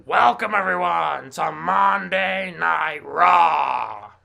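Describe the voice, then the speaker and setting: A man doing an impression of a brash older male wrestling boss, shouting in a strained, throaty voice. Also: on the high side, expressive, very slow, creaky, heavily acted. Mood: bellowing. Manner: announcing loudly in a mock showman voice.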